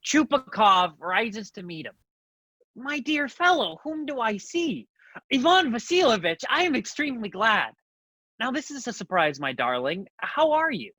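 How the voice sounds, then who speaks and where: A woman's voice: fairly high pitch, very animated, a little slow, sharp tone, no echo, exaggerated voice. A woman acting a fussy, fawning older male landowner, gushing with theatrical endearments. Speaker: student actor. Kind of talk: stage acting.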